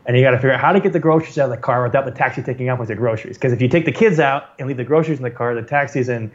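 A middle-aged man from California tells a personal story in a relaxed, energetic way. He restarts his sentences and repeats words as he goes, with some self-deprecating humor, at a pitch typical for a man. The recording sounds a bit dull and muffled. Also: racing. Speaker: guest telling his story. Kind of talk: casual storytelling.

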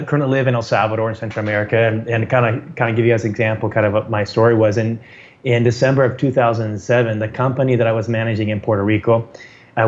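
A middle-aged man from California telling a personal story in a casual way, often repeating words and restarting sentences, with some self-deprecating humor. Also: fairly low pitch. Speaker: guest telling his story. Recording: slightly dull, muffled recording.

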